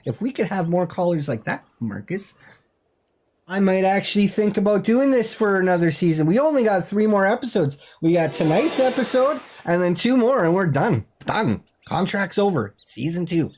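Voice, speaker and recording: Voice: mid-range voice, very animated, moderate pace, darkish tone, slight background noise. A talk show host bantering with callers in a mock-serious, exasperated, teasing way. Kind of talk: comedic call-in show banter.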